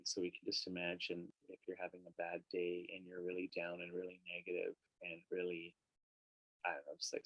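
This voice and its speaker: Low gravelly man guiding meditation. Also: dry recording, low-quality recording. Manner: relaxed, conversational, with casual fillers. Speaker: meditation teacher. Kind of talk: guided meditation and teaching.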